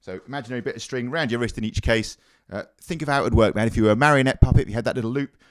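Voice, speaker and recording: Drum teacher, male, mid-pitched, coaching tone, counts beats aloud. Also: racing, no room sound. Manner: counts beats aloud while explaining technique. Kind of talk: instructional demonstration.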